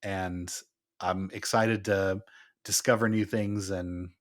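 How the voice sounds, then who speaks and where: Relaxed male podcast co-host. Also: low-pitched, slow. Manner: relaxed, laughs often, teasing. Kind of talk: casual gaming podcast chat.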